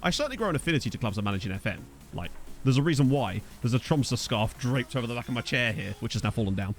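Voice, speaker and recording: Faint music plays as a young Essex man streams a football management game, talking fast with lively intonation in a mid-range voice. He's chatty, answers viewers by reading their messages aloud, and keeps the jokes coming in a broad Essex accent.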